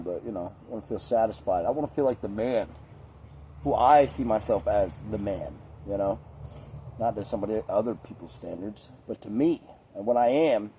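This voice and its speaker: A man's voice: fairly low pitch, dark tone, slight background noise. Laid-back, profane young man rambling. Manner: laid-back, profane, chatty with lots of fillers. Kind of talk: casual rambling monologue.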